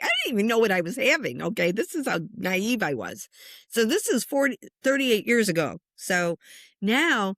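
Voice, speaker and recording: A woman in her sixties, a spiritual medium, telling a personal story in a casual interview, chatty and lively, acting out the voices of the people in it. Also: mid-range voice, normal speed, no room sound, clean studio sound. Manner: animated storyteller who acts out quoted voices; chatty, with frequent "you know" and "like".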